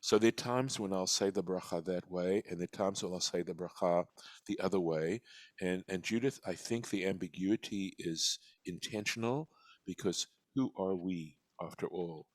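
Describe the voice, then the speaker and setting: A man teaching a study class, explaining slowly and reflectively, often restarting his sentences. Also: sits low, no echo. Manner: reflective and patient, with frequent restarts. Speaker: teacher leading a weekly text study class.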